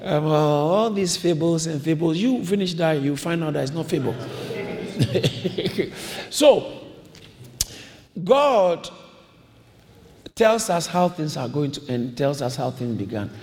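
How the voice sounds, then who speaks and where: A man's voice: on the high side, measured pace, darkish tone. A man preaching a sermon, emphatic and repetitive, calling on the congregation to repeat his lines. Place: church hall. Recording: long reverb of a large hall.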